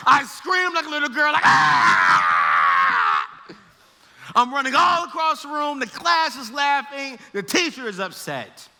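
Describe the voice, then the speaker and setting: A man giving a comedic storytelling talk to students, animated and laughing as he acts out scenes. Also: very high-pitched, normal speed, hardly any pauses, background noise. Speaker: speaker to students. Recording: echoey hall.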